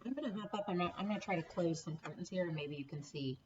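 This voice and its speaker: A woman's voice: lowish voice, very fast, lo-fi sound, noisy background. A woman teaching a recorded phonics lesson to children, patient and encouraging, spelling out letter sounds one by one. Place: home classroom setup with a board.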